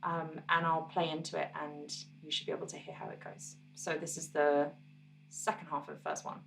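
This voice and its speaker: A woman musician teaching her own song on guitar, explaining parts in a relaxed, encouraging way and counting beats aloud. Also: sits low, moderate pace, vocal fry, far from the mic, noisy background.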